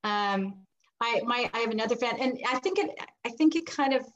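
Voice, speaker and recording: A middle-aged woman with a fairly high voice tells a personal story as an interview guest, speaking at a moderate pace with the high frequencies cut off. She's animated, acting out the voices she quotes and laughing between lines.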